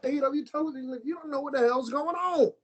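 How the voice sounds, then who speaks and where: An American man talking wrestling on a casual podcast, animated and swearing, repeating himself as he rants. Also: very high-pitched, fast talker, slight background noise, poor audio. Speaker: podcast co-host.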